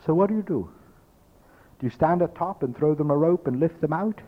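A man's voice: on the high side, expressive, brisk, narrow, tinny audio. A man teaching a spiritual workshop, speaking as "we", emphatic and repetitive, acting out his listeners' thoughts. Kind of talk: workshop lecture to an audience.

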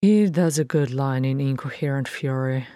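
A woman reading aloud gives an anxious young dwarf prince from a storybook, pressing with urgent questions in a low, unhurried voice. The sound is close and dry. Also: mellow, no echo. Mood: rueful. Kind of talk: audiobook fan fiction reading.

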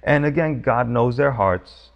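A man's voice: medium pitch, a little slow, creaky, lo-fi sound. A man preaching a sermon, teaching verse by verse with emphatic, urgent questions. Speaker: pastor.

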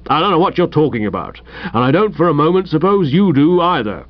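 A man voicing a hearty, brusque older woman with a loud ringing voice. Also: on the high side, animated, moderate pace, highs cut off, natural voice.

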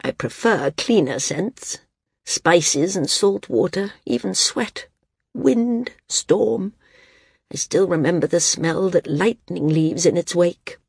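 A frail old woman near death, weary yet frank, speaking low and slow with a gravelly, husky edge, as a woman reading a storybook voices her. Her words are gently firm and a little wry. The sound is dry and close. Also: lively intonation, no room sound, heavily acted.

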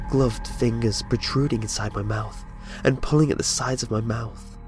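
A man narrating a horror story in a dramatic, scripted way. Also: mid-range voice. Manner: dramatic storytelling with voiced dialogue.

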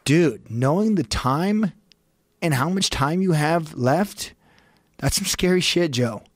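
A man's voice: on the high side, animated, takes it slowly, no echo, studio quality. Swearing man telling a tense story. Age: adult with a young child. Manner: profane, urgent and emphatic, voice rising sharply at peaks. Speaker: podcast guest. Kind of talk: intense storytelling in a long-form podcast.

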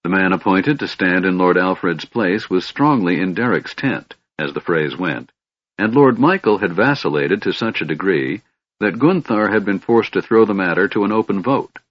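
Male fantasy narrator, measured and expressive, low voice, dry close sound. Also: no room sound. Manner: measured storytelling. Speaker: audiobook narrator. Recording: dull lo-fi audiobook recording.

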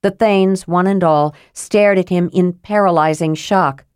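A woman narrating a fantasy audiobook in a measured, steady reading. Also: lowish voice, clear, resonant tone, no room sound, studio quality.

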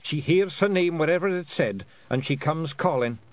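A man's voice: a little high, lively intonation, normal speed, pitched above the performer's own voice, close to an everyday voice. A man voicing a tiny, anxious male fairy clan chief with a thick Scottish accent, pleading and worried. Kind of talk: audiobook character voice.

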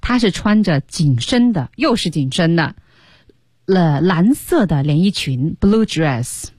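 A woman teaching English on radio, explaining slowly and stretching key words. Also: fairly low pitch, animated, darkish tone, breathy edge, no room sound, studio quality. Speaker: language teacher.

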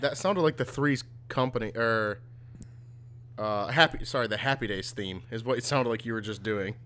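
A man's voice: mid-range voice, moderate pace, fairly bright tone. A man in casual podcast chat, reacting to a friend's stories with easygoing jokes. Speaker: podcast co-host.

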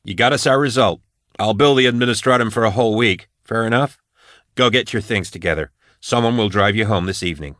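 A no-nonsense woman in charge speaks in clipped, businesslike sentences, as a male audiobook narrator puts her on. Her voice sits a touch higher than his own low tone. The recording is close and dry. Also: fairly bright tone, no echo, close to an everyday voice. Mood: brisk. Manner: brisk and businesslike. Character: brisk, no-nonsense female officer in charge.

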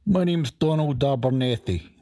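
Brief: man doing a deep, dark-toned male entrant with a dry, husky sound. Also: normal speed, no room sound, lightly acted. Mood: solemn.

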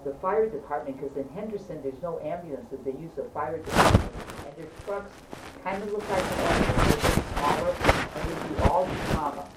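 A lowish-voiced woman, animated storyteller, recorded from a distance in an echoey room. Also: moderate pace. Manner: animated, emphatic, keeps checking in with listeners. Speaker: storyteller among friends. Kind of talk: casual anecdote. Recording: roomy, distant, faint background hum.

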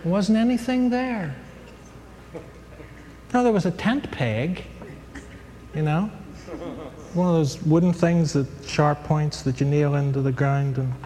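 Chatty, joking male Bible lecturer, fairly high voice, long hall reverb, faint noise. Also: a little mellow. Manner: chatty, digressive, joking, many fillers. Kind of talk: humorous lecture to an audience.

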